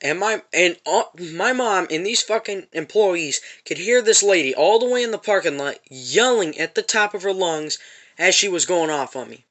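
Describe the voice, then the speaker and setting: A man's voice: sits high, animated, normal speed, fairly bright tone. A man telling an angry, profane story about a confrontation in a parking lot, repeating himself as he goes. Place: parked van.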